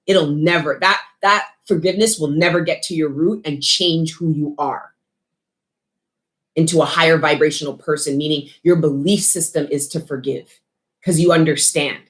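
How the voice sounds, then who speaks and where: A woman giving a casual spiritual tarot reading, talking bluntly with lots of swearing and street slang. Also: lowish voice. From Canada. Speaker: tarot reader.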